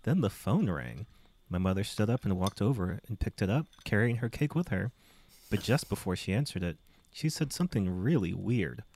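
A man's voice: lowish voice, lively intonation, moderate pace, a little mellow. A man reading a book aloud as a podcast co-host, with playful emphasis. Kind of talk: comic read-aloud.

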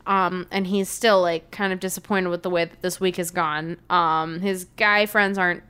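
A woman's voice: on the low side, fairly even intonation, moderate pace, sharp tone, smooth. A young woman co-hosting a podcast, recapping a book in wry, self-deprecating casual chat and laughing often. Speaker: podcast co-host.

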